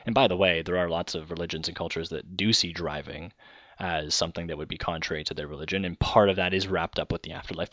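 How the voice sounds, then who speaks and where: A man's voice: low voice, fairly bright tone, dry recording, highs cut off. A man hosting a podcast, talking through ideas in a casual, rambling monologue and often correcting himself mid-sentence. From Canada. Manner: rambling, conversational, self-correcting. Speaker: podcast host.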